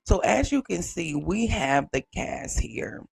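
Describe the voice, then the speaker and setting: A man hosting his own pop culture vlog from a small home studio, animated and chatty, talking straight to viewers with repeated catchphrases. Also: sits high, slow pace, gravelly. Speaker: YouTube pop culture reviewer. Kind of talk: casual vlog intro.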